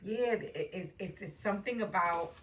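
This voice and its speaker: A woman's voice: medium pitch, moderate pace, slight background noise. A woman giving a meandering intuitive tarot reading from home, often adding "right?" as she talks. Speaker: tarot reader. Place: home with a dog nearby.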